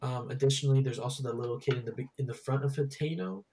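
A man's voice: mid-range voice, quick pace, vocal fry, background noise. A young man hosting a casual gaming chat, rambling with lots of fillers and restarts. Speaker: podcast host.

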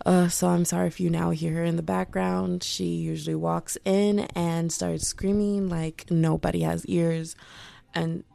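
Young woman vlogger, low mellow voice, rambling casual chat. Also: flat delivery, a little slow, creaky, no echo. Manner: chatty, self-interrupting, many "like"s.

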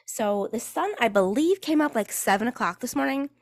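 A woman's voice: a little high, lively intonation, normal speed, dry recording, studio quality. A woman, hosting her own podcast in casual, sarcastic chat, full of fillers and casual swearing. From New York. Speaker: podcast host and cheerleading coach.

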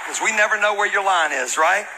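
A man's voice: high voice, a little fast, a crowd in the background, background noise. A man preaching a sermon to a congregation, telling a comic story and acting out the voices of the people in it. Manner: animated, acts out quoted voices, laughs and shouts. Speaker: pastor.

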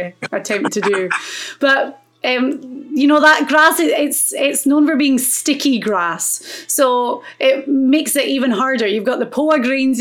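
A woman's voice: high-pitched, a little slow, a bit bright. A woman co-hosting a podcast, chatting casually and asking long, rambling questions. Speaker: podcast co-host.

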